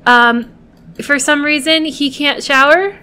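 High-voiced woman coaxing her game characters. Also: fairly even intonation, takes it slowly, pushed and bright. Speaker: gameplay video host. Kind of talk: casual gameplay commentary.

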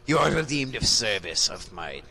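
A man's voice: fairly low pitch, sing-song, moderate pace, vocal fry, pushed and bright, a little hiss or hum, heavily acted. A man putting on a pompous lord. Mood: indignant. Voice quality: strained put-on voice. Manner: stiff formal archaic speech. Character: pompous self-important male lord. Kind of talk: playful role-play while gaming.

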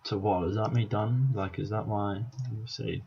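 A man's voice: fairly low pitch, steady tone, moderate pace, vocal fry, a little mellow, muffled recording, a little hiss or hum. A Scottish man casually commentating on his own language-app practice, thinking aloud and chuckling at his mistakes. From Scotland. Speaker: vlogger. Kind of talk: casual let's-play commentary.

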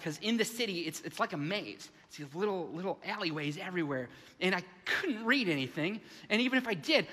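Animated American pastor in a reverberant hall. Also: male voice, sits high. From United States. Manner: animated, acts out voices, frequent restarts. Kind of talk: sermon with acted-out stories. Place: large church sanctuary.

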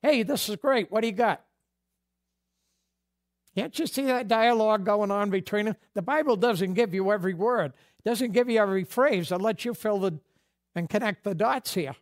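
A man's voice: high-pitched, a little fast. A man preaching a sermon as pastor, folksy and conversational, acting out bits of dialogue. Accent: New England.

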